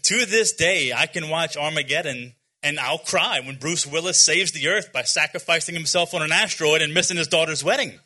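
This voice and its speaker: Bright-voiced man in his forties preaching. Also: a little high, fairly quick, few pauses. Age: 40s. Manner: conversational, earnest, many fillers and restarts; self-deprecating humor. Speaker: youth speaker. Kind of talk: informal sermon to young people.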